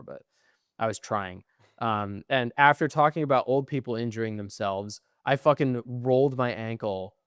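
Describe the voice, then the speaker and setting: A tired young man co-hosting a podcast, telling long, profane, rambling stories and trailing off quietly at the ends of phrases. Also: medium pitch, clear, resonant tone, no room sound, studio quality. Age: young adult. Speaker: podcast co-host. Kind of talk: casual chat.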